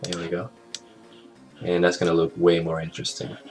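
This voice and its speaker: Man with a deep voice, casual software tutorial narration, background music playing clearly behind. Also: completely flat delivery, normal speed. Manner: casual, thinks aloud with fillers and small jokes. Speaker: animation tutorial host.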